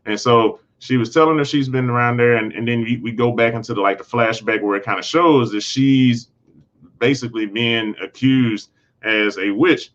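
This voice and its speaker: A man's voice: medium pitch, moderate pace, fairly bright tone, lo-fi sound. Man casually recapping a TV episode. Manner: rambling, frequent restarts and self-corrections. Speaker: host.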